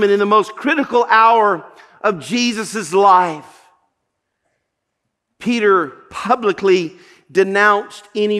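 High, bright-voiced male pastor. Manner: earnest storytelling, with repeated false starts. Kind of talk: sermon.

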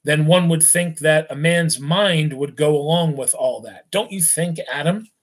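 A stern farmer father who lectures his grown son at the supper table, slow and deliberate, read aloud by a man in a slightly high voice. He reasons rather than shouts, every point laid out with care.

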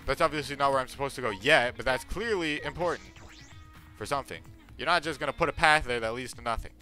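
A man commentating on a video game playthrough in a playful, jokey way with bursts of loud excitement. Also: medium pitch, fast talker, faint music behind. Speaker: gaming streamer. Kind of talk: let's play commentary.

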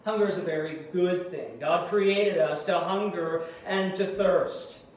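A man preaching a sermon in earnest, rising to loud emphasis and dropping to hushed asides. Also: high-pitched, a little slow. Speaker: pastor. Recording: echoey room, mic at a distance, faint noise.

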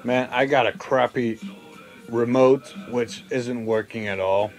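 A man hosting a casual podcast chat over a call, giving slow, laid-back replies with short laughs. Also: mid-range voice, fairly even intonation. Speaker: podcast host. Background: music playing in the background.

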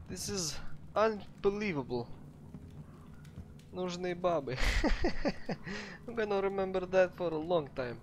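A man with a Russian accent giving chatty, excitable let's play commentary to his viewers. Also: high voice, slow pace, long pauses. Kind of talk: gameplay commentary.

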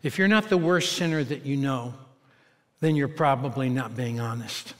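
A man's voice: medium pitch, normal speed, in a large hall. A man in his sixties preaching a sermon as a teaching pastor, with self-mocking storytelling that turns earnest, in an American accent. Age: 60s. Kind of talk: humorous sermon. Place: large church auditorium.

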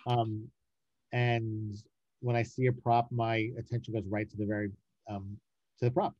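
A man, a casting director and writer, talking in a casual interview, animated and emphatic, often repeating words to stress a point. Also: lowish voice, normal speed, no room sound, lo-fi sound.

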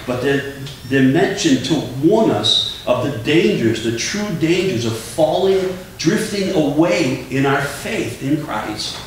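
A man preaching a sermon as pastor, earnest and emphatic, often repeating words as he drives a point home. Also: a little high. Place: church sanctuary. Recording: echoey church room, distant mic, faint hum.

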